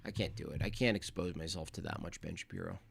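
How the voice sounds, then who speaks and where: A man's voice: deep voice, fast, creaky, husky. A man hosting a casual livestream, reacting to videos and reading viewer messages in an exasperated, rambling, slangy manner. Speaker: streamer reviewing videos.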